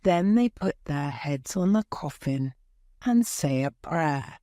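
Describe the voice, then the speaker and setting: Slow, low-voiced woman narrating. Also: animated, dark tone, no echo, studio quality. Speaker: audiobook narrator. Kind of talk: scripted narration of a graded reader.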